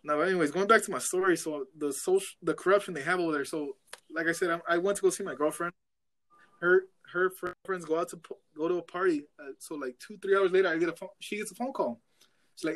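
Brief: young man, quick and slightly high, animated profane storyteller in casual podcast chat. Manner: animated, profane, acts out voices in his story.

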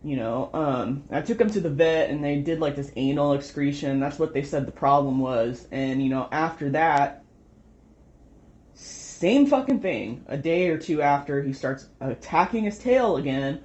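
A woman's voice: deep voice, measured pace, darkish tone. A young woman venting at home in a rambling, frustrated way, swearing often. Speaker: vlogger. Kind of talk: casual venting monologue. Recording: dull lo-fi home recording.

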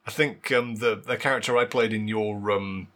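A man's voice: lowish voice, fairly even intonation, normal speed, fairly bright tone. A man hosting a casual podcast chat, curious and easygoing, asking questions and laughing often.

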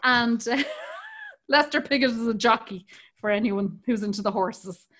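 Irish woman, high bright voice, bawdy casual storyteller. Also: unhurried. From Ireland. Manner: bawdy, laughs through her stories.

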